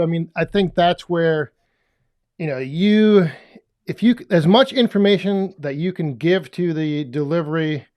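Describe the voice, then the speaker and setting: A man's voice: a little high, darkish tone. A man co-hosting a casual podcast, talking in an easygoing way and chuckling often. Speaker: podcast co-host.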